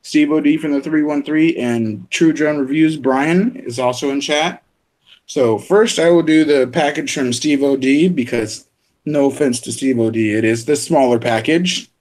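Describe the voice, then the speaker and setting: A man's voice: on the high side, normal speed, darkish tone. A man hosting a podcast and unboxing a package live, talking casually and laughing often at himself. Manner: laughs often, self-deprecating. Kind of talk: casual chat.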